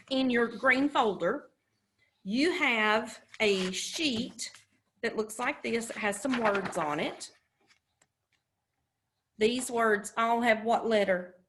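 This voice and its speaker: A woman's voice: fairly high pitch, background noise. A woman teacher giving a recorded phonics lesson to young children, talking patiently and stretching out each sound. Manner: slow, patient, drawn-out enunciation of sounds. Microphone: camera.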